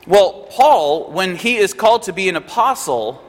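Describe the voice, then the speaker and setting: A man's voice: high voice, expressive, normal speed. A man preaching a sermon in a conversational way, often checking in with his listeners. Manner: conversational, asks listeners "right?". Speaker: pastor. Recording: reverberant hall.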